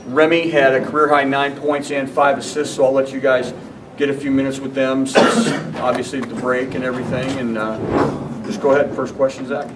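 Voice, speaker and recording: A team media official running a press conference, reading brief notes in a brisk way. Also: male voice, medium pitch, flat delivery. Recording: mic far off, background noise.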